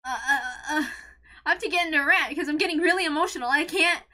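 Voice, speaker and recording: A woman hosting a read-along, ranting emotionally, close to tears, swearing and shouting with a cracking voice. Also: high-pitched, racing. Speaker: channel host reading a visual novel aloud. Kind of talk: emotional reaction rant.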